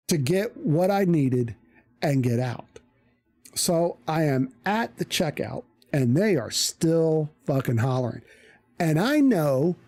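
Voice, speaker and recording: A live streamer telling a story in a casual, animated way, swearing freely. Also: mid-range voice, no room sound.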